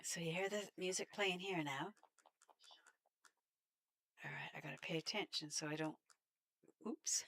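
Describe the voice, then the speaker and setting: Low-pitched and unhurried, her slightly bright voice has vocal fry and frequent pauses. She's a game streamer from Canada with a Canadian accent, giving chatty, casual gameplay commentary, laughing a lot and addressing the enemies on screen.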